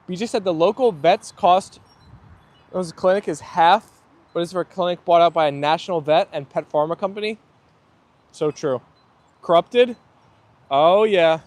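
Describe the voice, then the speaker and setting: While his dogs play outdoors, a young livestream host chats easily and reads out viewer comments, laughing often. His high-pitched voice carries a darkish tone and a moderate pace.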